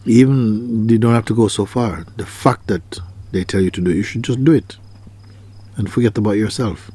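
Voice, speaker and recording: This man's fairly low voice moves at a normal speed, warm with a breathy edge. Teaching on spiritual themes, he poses probing questions, repeats himself for emphasis, and plays out quoted speakers.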